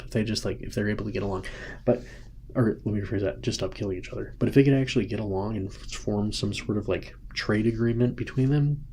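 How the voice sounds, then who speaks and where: A man's voice: medium pitch, gravelly, warm tone, a little hiss or hum. A man hosting a casual political commentary show from home, rambling and often restarting or rephrasing his points. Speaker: host. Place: home, with a sleeping child nearby.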